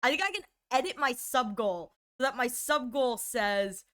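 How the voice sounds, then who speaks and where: A young adult woman streaming live, chatting casually with her chat and squealing in excitement when surprised. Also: fairly high pitch, moderate pace.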